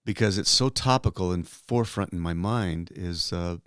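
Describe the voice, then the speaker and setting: Animated older man telling stories. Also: moderate pace, clean tone, no echo, clean studio sound. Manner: animated storyteller, jumps into high excited voices for quoted people. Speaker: guest entertainer. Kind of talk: relaxed storytelling in a podcast interview.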